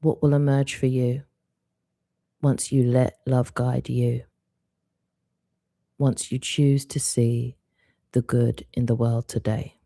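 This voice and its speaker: A woman hosting a live stream, giving an intuitive card reading in a soft, reflective, unhurried way. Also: a bass voice, little pitch movement, dry recording.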